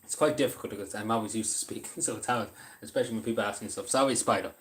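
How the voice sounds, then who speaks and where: A man's voice: fairly low pitch, racing, hardly any pauses. A man chatting casually on a livestream, hesitant and apologetic, with many fillers, eating while he talks.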